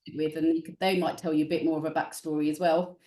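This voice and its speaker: A woman's voice: deep voice, level tone, quick pace, dark tone, echoey room, far from the mic. A woman property investor, a guest in a casual interview, talking in a chatty, frank, plain-spoken way. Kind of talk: casual interview on a video call.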